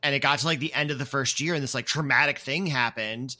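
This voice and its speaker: A man's voice: mid-range voice, fast talker, sharp tone. A man hosting a podcast in casual chat, telling stories expressively. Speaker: podcast host.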